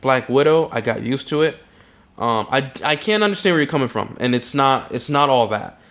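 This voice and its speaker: Easygoing, halting male podcast host. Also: mid-range voice, animated, fairly bright tone. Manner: easygoing, halting, many ums and restarts. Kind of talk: casual film review chat.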